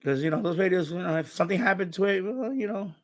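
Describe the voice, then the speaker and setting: A man's voice: high voice, fast. A man hosting a live stream, chatting casually and rambling, with many restarts and repeated phrases.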